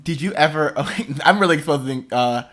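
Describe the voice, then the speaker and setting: A young man hosting a podcast in casual chat, expressive and dramatic, laughing often. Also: fairly high pitch, fairly quick. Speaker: podcast host.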